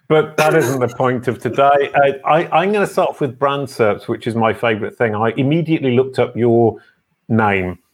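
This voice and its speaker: A man's voice: medium pitch, normal speed. A man hosting a casual online interview, chatty and enthusiastic with playful teasing. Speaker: host.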